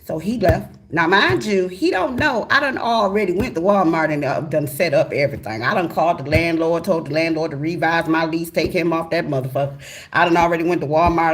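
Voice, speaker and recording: A woman host telling a profane, animated story in a casual monologue. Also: low voice. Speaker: tarot channel host.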